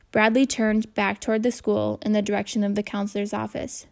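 Woman reading a kids book out loud, steady, lots of vocal fry. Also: medium pitch, brisk, hardly any pauses. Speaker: audiobook reader. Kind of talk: reading a children's novel aloud.

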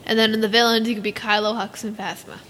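A teenage girl chatting casually as a podcast co-host, rambling and giggly, telling animated stories. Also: a little high, quick pace. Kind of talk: casual fan chat.

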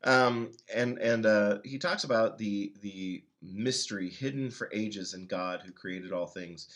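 A man co-hosting a casual Bible-study chat, asking questions in a halting way, searching for words. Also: lowish voice, fairly bright tone. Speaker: podcast co-host asking about weekly readings.

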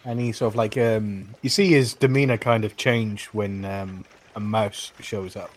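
A man's voice: lowish voice, fairly even intonation, unhurried. A man narrating a tabletop game as game master, rambling with many fillers.

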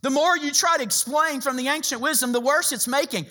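A man preaching a sermon as a pastor, joking and telling stories in an animated way. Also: extremely high pitch, brisk.

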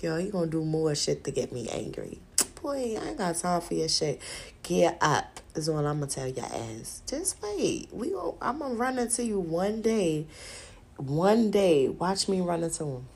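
Podcast host, female, slow husky delivery, casual profane rant with frequent laughs. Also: medium pitch, a little mellow. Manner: profane, exasperated, laughs often. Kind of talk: casual venting monologue.

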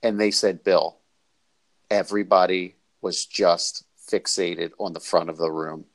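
A man's voice: deep voice, steady tone, measured pace. A man hosting an interview, talking earnestly and effusively with many restarts. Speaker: host. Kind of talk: casual interview.

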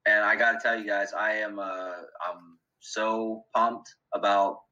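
Bright-voiced man telling a story. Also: lowish voice, little pitch movement, unhurried, highs cut off. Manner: laughs often, filler-heavy. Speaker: guest. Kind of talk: casual storytelling.

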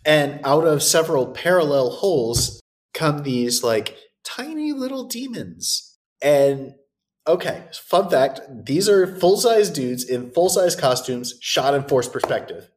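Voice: medium pitch, animated, measured pace. A podcast co-host recapping a horror movie in casual, sarcastic chat and swearing freely.

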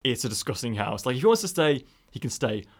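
A young man co-hosting a casual podcast, telling long, rambling stories and breaking into laughter along the way. His pitch sits in the middle for a man. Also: very animated, fast talker. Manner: rambling storyteller, laughs often. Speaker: podcast co-host. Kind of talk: casual chat.

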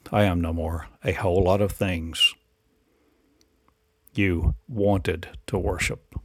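A man's voice: low-pitched, fairly even intonation, takes it slowly, husky, dry recording, studio quality. A man delivering a rambling spiritual monologue in incantatory, repetitive declarations and rhetorical questions.

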